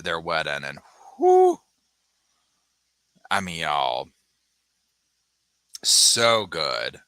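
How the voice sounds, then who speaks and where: A man hosting a casual live chat from home, chatty and animated, swearing casually and laughing loudly as he reads viewer comments. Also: on the low side, dry recording. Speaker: true crime channel host. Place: home, on a sofa.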